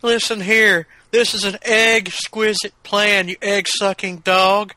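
A man's voice: high-pitched, flat delivery, slow pace, sharp tone, dry recording, pitched above the performer's own voice, exaggerated voice. A man doing a blustering villain impression, full of egg puns and insults. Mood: blustery. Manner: blustery, pun-heavy. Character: egg-punning tough-guy villain, rowdy adult man.

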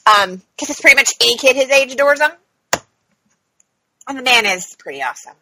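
A woman's voice: high-pitched, a little fast, pushed and bright, slight background noise, low-quality recording. A woman in her thirties co-hosting a podcast, chatting casually with lots of "like" and "um". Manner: chatty, many "like" and "um" fillers. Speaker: podcast co-host. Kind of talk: casual chat.

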